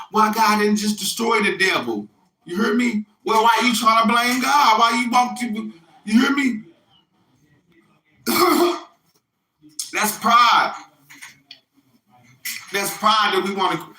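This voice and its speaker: A man's voice: sits high, sharp tone, echoey room, poor audio. A middle-aged man giving a rambling, profane spiritual monologue that keeps checking in with "you hear me?". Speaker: self-styled religious messenger.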